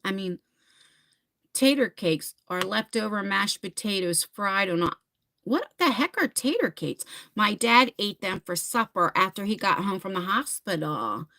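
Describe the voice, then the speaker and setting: A middle-aged woman with a New Jersey accent hosts a loose, rambling livestream chat. Her pitch swings widely as she jumps between thoughts and viewer comments. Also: lively intonation, a little slow, bright, forceful tone. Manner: rambling, chatty, reads comments aloud. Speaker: livestream host.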